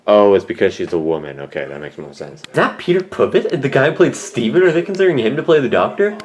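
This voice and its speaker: A man's voice: mid-range voice, sing-song, fast, highs cut off. A man giving a casual, rambling and jokey review of a show at home, often correcting himself. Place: at home with a cat on his lap.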